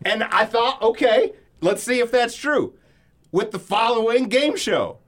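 Lively, profane man on a podcast. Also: high voice, measured pace. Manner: loose, profane storytelling with frequent laughs. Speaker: podcast co-host. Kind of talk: casual chat.

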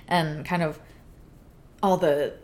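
A woman in her thirties, a podcast co-host telling a story in casual chat with a theatrical, animated delivery. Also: sits low, takes it slowly.

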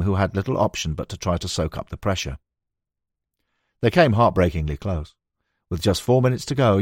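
Deep-voiced man narrating an audiobook. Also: dry recording, clean studio sound. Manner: measured, storytelling delivery. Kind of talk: scripted nonfiction narration.

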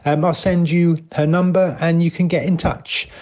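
A man's voice: on the high side, level tone, moderate pace, a little mellow, lo-fi sound, close to an everyday voice. A man leaving a chatty, hesitant voicemail update with many fillers. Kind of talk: improvised comedy voicemails.

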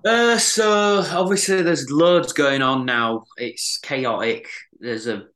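A man co-hosting a casual podcast, telling a rambling story with drawn-out pauses. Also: on the high side, a bit bright, poor audio. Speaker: podcast co-host.

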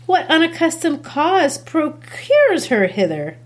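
A woman's voice: high voice, wildly swooping pitch, slow, voice pushed up, full character voice. A woman reading a grieving young noblewoman. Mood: anguished. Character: grieving young noblewoman, guarded and double-speaking. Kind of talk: classroom read-aloud of a play.

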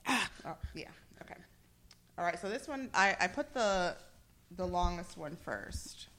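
A woman's voice: on the low side, animated, a little slow, fairly bright tone. A woman co-hosting a casual podcast, blunt and profane, who reads reviews aloud in a dramatic put-on voice. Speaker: podcast co-host.

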